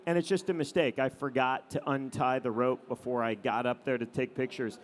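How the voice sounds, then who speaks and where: A middle-aged man, a photographer, telling anecdotes to an audience in a relaxed storytelling manner with frequent "um" and "you know". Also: medium pitch, moderate pace. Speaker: adventure photographer giving a talk.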